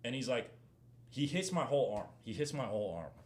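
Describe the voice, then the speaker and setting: A man's voice: mid-range voice, fairly quick, a little hiss or hum. Young man ranting on stream. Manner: animated slang-heavy rant, gets loud when heated. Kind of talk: casual Q&A chat.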